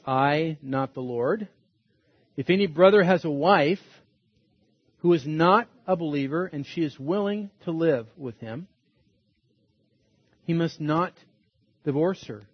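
Man preaching, earnest pastoral sermon, slightly higher voice, husky edge, dry muffled sound. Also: dry recording. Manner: earnest, pastoral, emphatic repetition.

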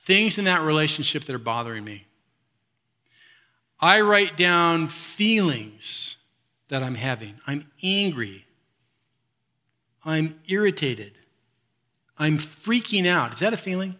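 A man preaching a sermon in a lively, laughing way, jumping between loud bursts and quiet asides. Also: fairly high pitch. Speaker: pastor.

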